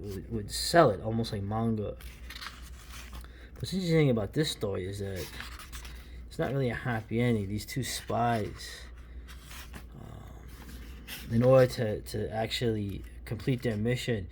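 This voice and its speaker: A man in his fifties from New York talks through an old comic in a low, gravelly voice. His delivery is loose and opinionated, full of restarts and asides, with a faint hiss behind him. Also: darkish tone. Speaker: comic book reviewer. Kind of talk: casual commentary while flipping through a comic.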